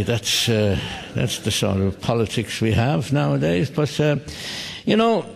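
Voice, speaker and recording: A man's voice: lowish voice, creaky. An older Irish man doing live stand-up comedy, telling wry rambling stories with dry asides. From Ireland. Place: theatre stage before a live audience. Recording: live theatre recording with long hall reverb.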